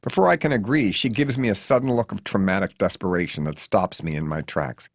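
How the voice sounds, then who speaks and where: A man reading his own memoir as an audiobook in a wry, deadpan way. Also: on the low side, brisk, dry recording, studio quality. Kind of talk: audiobook narration.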